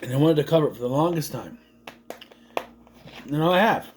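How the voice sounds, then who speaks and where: Animated rambling man recapping a movie. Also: a little high, background noise. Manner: rambling, animated, quick quoted impressions of characters. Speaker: movie reviewer.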